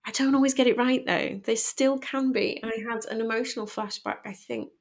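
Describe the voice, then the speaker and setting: Candid, gravelly woman. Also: fairly high pitch, normal speed. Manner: candid, emotional, animated storytelling. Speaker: podcast guest. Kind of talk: personal conversation.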